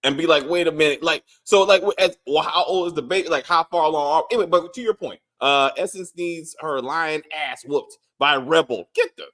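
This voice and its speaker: A man's voice: a little high, a little fast, few pauses, fairly bright tone. A man co-hosting a casual TV review, talking animatedly and acting out characters' lines. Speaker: show co-host.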